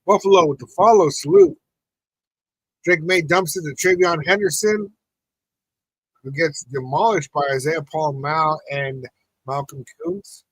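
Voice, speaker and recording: A man's voice: a little high, a little slow, long pauses, breathy edge, no echo, poor audio. A man hosting a live football watch party, reacting to the plays and talking with his chat. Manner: frustrated, reacting to the game, talks to chat. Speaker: podcast host.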